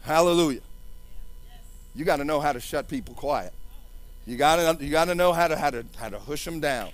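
A man's voice: fairly high pitch, lively intonation, fairly quick. A man preaching a sermon with fervent, sing-song delivery and repeated hallelujahs.

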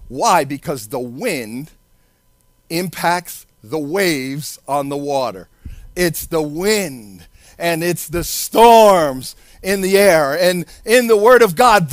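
A man's voice: sits high, no room sound. A man preaching a sermon in a sing-song cadence, acting out the voices in the story he tells.

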